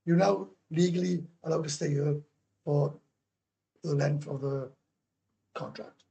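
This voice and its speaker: A man's voice: fairly high pitch, fairly even intonation, unhurried, vocal fry, dark tone, husky. A man with a Welsh accent chatting casually on a livestream, bluntly answering viewer comments, swearing freely and repeating himself. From Wales. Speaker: livestream host. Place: indoors, living in Thailand.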